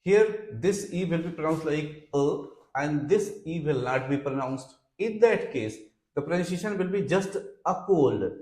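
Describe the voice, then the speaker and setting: A man teaching beginner French in a slow lecture, explaining each word step by step and spelling some of them out letter by letter. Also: on the high side, expressive, a little mellow, roomy sound. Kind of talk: classroom lecture.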